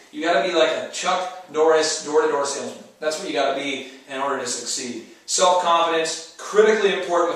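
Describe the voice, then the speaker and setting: Brief: higher-pitched male motivational speaker, emphatic, slips into mock voices, mic far off in a roomy space. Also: fairly bright tone. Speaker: entrepreneur co-host giving advice. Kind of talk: motivational talk show. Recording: echoey room, distant mic.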